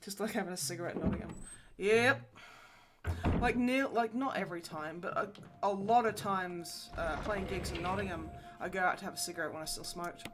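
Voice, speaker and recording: A woman's voice: medium pitch, moderate pace, over music. A young woman hosting a livestream, chatting casually while she plays, telling stories with lots of swearing and laughter. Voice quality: sweary, laughing, animated storyteller. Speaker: livestream host. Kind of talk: casual chat while gaming.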